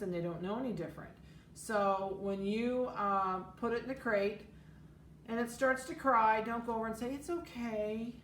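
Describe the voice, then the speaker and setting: A middle-aged woman talks in a firm, direct way, hammering home her rules for new puppy owners. Her voice sits at an ordinary pitch and rings a little in an echoey room. A faint ambient hum runs underneath. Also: a bit bright. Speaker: dog breeder. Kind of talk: informal instructional talk.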